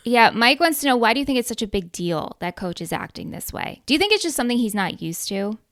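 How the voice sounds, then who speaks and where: A woman co-hosting a podcast, recapping a TV episode with animated retellings and reading out listener questions. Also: fairly high pitch, quick pace, dry recording, studio quality. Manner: animated storyteller who reads out listener questions. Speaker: podcast co-host. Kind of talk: casual chat recapping a TV episode.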